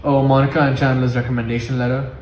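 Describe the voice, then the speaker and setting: A man's voice: medium pitch, level tone, fast talker, natural voice. A man playing a clueless young man who keeps failing at French, goofy and confidently wrong, in an amateur comedy skit. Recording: echoey room with loud noise.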